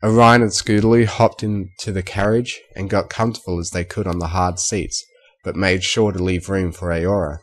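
A man reading fan fiction aloud as a narrator in a steady storytelling manner. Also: sits low.

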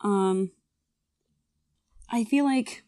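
Excitable young woman, giggly. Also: medium pitch, very slow, clear, resonant tone, no room sound, clean studio sound. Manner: excitable, giggly, swears under breath. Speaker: quiz contestant. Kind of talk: casual chat.

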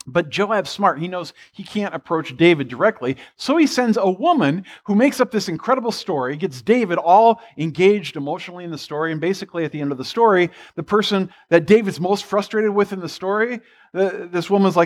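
A man's voice: sits high, lively intonation, a little fast. A pastor preaching a sermon, retelling a story in a loose, conversational way and voicing the characters with "he's like".

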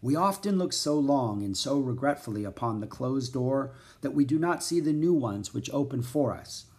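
A man doing a slow, dreamy old inventor. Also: mid-range voice, expressive, a little mellow, close to an everyday voice. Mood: reflective. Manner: slow, reflective. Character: old bearded male inventor, thoughtful and dreamy.

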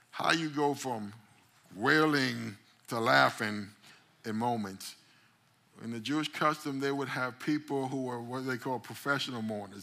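A man preaching a sermon as pastor, retelling a story dramatically and calling out to the congregation. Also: medium pitch. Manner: dramatic storytelling, acting out quoted lines with sudden loud rises; call-and-response phrases to the congregation. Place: church service.

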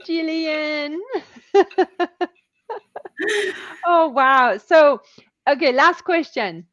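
A woman hosting an interview over a call, enthusiastic and quick to laugh. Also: high-pitched, a bit bright, no room sound. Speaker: interview host. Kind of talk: conversational interview. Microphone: remote call. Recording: dry, dull lo-fi call audio.

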